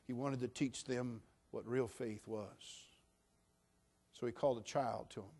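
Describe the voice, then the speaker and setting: A man preaching a sermon as a pastor, animated, dropping to a hush and then rising to near shouting. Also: mid-range voice, unhurried. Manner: animated, swings from hushed to shouting.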